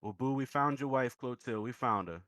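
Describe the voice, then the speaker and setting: A man voicing a blunt small-town sheriff who delivers grim news in a flat, matter-of-fact folksy drawl. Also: medium pitch, moderate pace, no room sound, lightly acted. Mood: deadpan.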